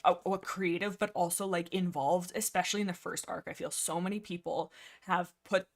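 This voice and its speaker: A young woman with a lowish, steady voice hosts a casual livestream chat, talking a little fast. She rambles in a giggly, self-deprecating way that sounds slightly nervous and breathless.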